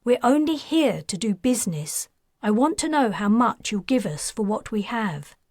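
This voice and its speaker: A woman's voice: a little high, very animated, moderate pace, a little mellow, dry recording, clean studio sound. A woman voicing Jazz, a blunt, determined young woman who is all business, in a curt way.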